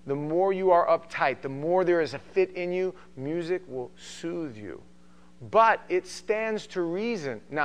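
A middle-aged man from New York with a New York accent, teaching a Bible study in a joking, animated way. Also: medium pitch, a little hiss or hum. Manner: joking, animated, does mocking voices. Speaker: pastor.

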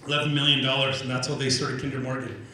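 Speaking quickly in a mid-range voice, this man from Canada animatedly tells stories before an audience in a large event room, voicing the quoted exchanges himself. An Indigenous organizer, he often repeats words when restarting. The distant mic catches heavy hall echo, faint ambience and a slight hiss or hum.

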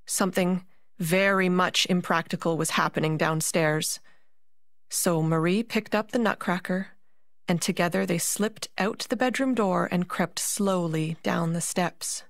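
Brief: unhurried woman storyteller, measured pauses, dry close sound. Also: fairly low pitch, no echo. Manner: slow, deliberate storytelling with dramatic pauses. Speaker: narrator and puppeteer. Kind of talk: storytelling narration for a concert.

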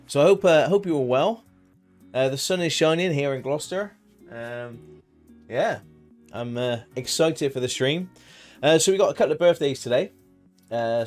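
A man, streaming a farming game and chatting casually with his viewers, greeting them by name. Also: mid-range voice. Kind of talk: casual live-stream chat.

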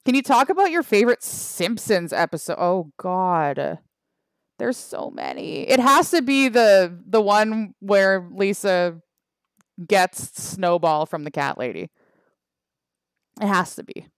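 A woman's voice: mid-range voice, lively intonation, slow pace, no echo, studio quality. A Canadian woman streaming a mobile game, chatting casually and wryly with her chat, trailing off with fillers. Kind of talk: casual livestream chat reading the chat.

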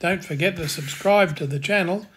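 A man hosting a step-by-step software tutorial, giving calm, plain instructions in a voice-over. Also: high voice, moderate pace, breathy edge. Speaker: tutorial host.

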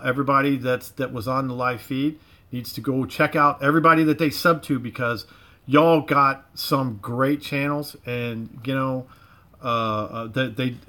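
Bright-voiced Southern drawling man. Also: medium pitch. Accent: Southern US drawl with Cajun touches. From Florida, USA. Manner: rambling, repeats himself, folksy slang. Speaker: livestream host. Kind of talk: casual livestream chat. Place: home garage.

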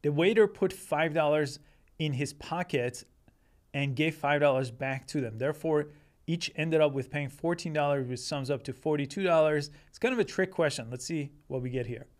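Guy w a slightly higher voice reading off chatbot answers, chatty and relaxed. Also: normal speed. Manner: conversational, reads results aloud while thinking. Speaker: tech reviewer. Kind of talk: screen-recorded product comparison.

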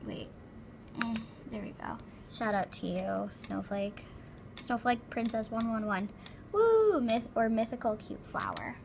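A woman's voice: on the high side, creaky, a little hiss or hum. A woman giving casual game commentary, chatty and giggly, full of dramatic exclamations. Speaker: gameplay commentator.

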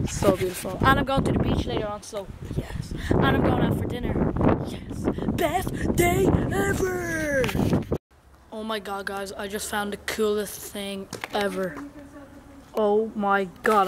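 A young woman chatting excitedly to her handheld camera while walking around outdoors, filling her talk with "like" and "guys". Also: medium pitch. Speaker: vlogger. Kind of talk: casual travel vlog. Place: outdoors on a hot hillside and beach. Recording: noisy outdoor camera audio with wind.

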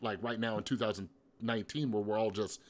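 A man's voice: on the low side, fairly even intonation, brisk. A young adult man hosting a conversational interview, talking casually and agreeing readily. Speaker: podcast host.

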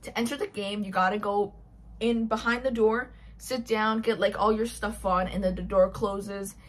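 Husky young woman recapping a book. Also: mid-range voice, steady tone, moderate pace. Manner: chatty, gushing, acts out characters' lines. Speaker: book reviewer. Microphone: built-in mic.

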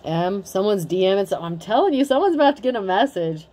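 A woman's voice: medium pitch, animated, quick pace, mellow, slight background noise. A woman in her thirties giving a casual tarot reading in a blunt, chatty way, swearing freely. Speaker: tarot reader.

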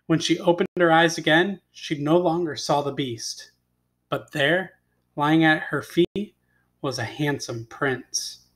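A male teacher reading a fairy tale aloud expressively and stopping to ask his students questions. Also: a little high. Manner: expressive read-aloud, pausing for questions to the class.

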